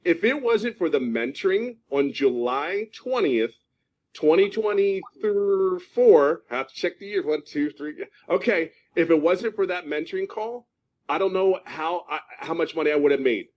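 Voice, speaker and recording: A man's voice: on the high side, lively intonation, unhurried, darkish tone. A man in his fifties from California giving a passionate testimonial, emphatic and repeating himself for stress. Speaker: program member giving a testimonial.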